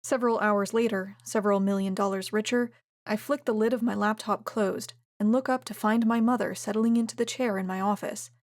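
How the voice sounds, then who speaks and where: A woman reading a first-person romance audiobook in a steady, even way. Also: medium pitch, normal speed, no echo, studio quality. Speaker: audiobook narrator.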